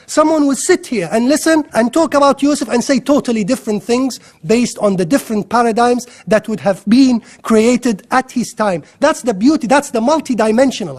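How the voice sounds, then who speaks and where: A man giving an impassioned Islamic lecture, excitable and firing rhetorical questions at his audience. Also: very high-pitched, a little fast, hardly any pauses.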